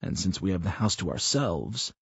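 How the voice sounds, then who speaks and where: A man's voice: deep voice, very animated, normal speed, creaky, a bit bright, breathy edge, no echo, exaggerated voice. A man playing an earnest middle-aged husband. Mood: casual. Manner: earnest, a bit hesitant. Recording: slightly muffled recording.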